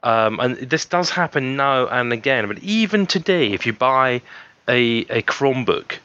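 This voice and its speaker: A man's voice: mid-range voice, animated, unhurried, sharp tone, clean tone. A man co-hosting a podcast, rambling and opinionated in casual chat. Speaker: podcast co-host. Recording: dull lo-fi recording.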